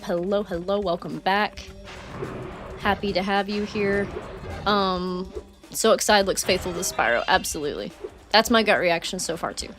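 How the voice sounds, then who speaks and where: Chatty woman streamer, lively voice. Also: mid-range voice. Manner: chatty, rambling, frequent fillers, reads chat aloud; warm and effusive toward viewers. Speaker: gaming streamer. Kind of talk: casual live-stream chat while playing.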